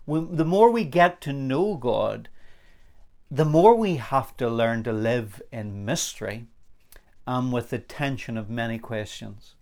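A man's voice: expressive, measured pace, darkish tone. A man teaching a recorded Bible study sermon, talking earnestly and lifting his voice on the words he stresses. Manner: earnest, emphatic, rising in pitch on key words.

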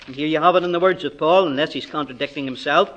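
A man with a Northern Irish accent preaching an expository Bible sermon, swinging between loud, drawn-out proclamations and quiet asides. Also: a little high, highs cut off.

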